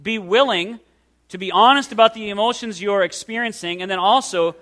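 A man preaching an earnest pastoral sermon, slowing down to stress key words and speaking directly to his listeners. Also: high voice, pushed and bright. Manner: earnest, pastoral, slows for emphasis.

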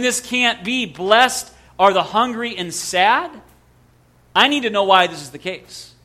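Male pastor, preaching, high bright voice, slow deliberate delivery, earnest. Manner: earnest preaching with rhetorical questions and dramatic pauses. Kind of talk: sermon.

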